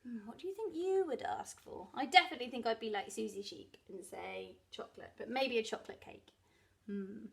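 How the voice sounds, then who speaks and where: A woman reading a picture book aloud to young children, expressive and asking them questions along the way. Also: on the high side, moderate pace, creaky. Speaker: nursery storyteller.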